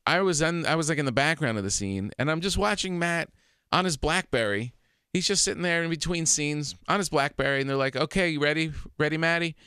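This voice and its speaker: A man guest on a radio show, chatting casually and telling animated stories, laughing often, in a studio. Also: fairly high pitch, a little fast, clean tone, no echo. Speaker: comedian guest. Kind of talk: casual interview chat.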